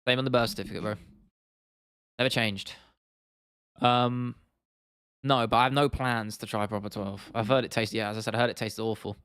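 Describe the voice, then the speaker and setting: Guy on a livestream, smooth clear voice, rambly and sweary, dry sound. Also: on the low side, fairly even intonation, moderate pace, pauses often, a bit bright, no echo. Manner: rambling, swears freely, lots of restarts and fillers. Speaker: MMA livestream host. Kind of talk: casual livestream chat, reading out viewer comments.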